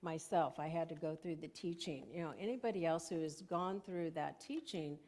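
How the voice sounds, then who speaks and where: Lower-voiced older woman minister, conversational. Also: normal speed, darkish tone. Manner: conversational, storytelling, laughs often. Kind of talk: sermon. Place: church sanctuary.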